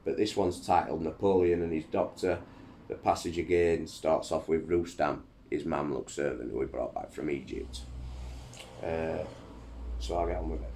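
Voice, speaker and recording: A man's voice: very deep voice, steady tone, normal speed, mellow, slight background noise. A man reading from a history book aloud in a casual, chatty way, rambling with fillers and restarts between passages.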